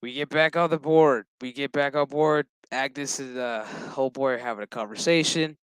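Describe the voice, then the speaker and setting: Brief: man, smooth clear voice, dry close sound, swearing his way through a sarcastic episode recap. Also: medium pitch, normal speed, dry recording. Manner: profane, sarcastic, blunt. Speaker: show reviewer.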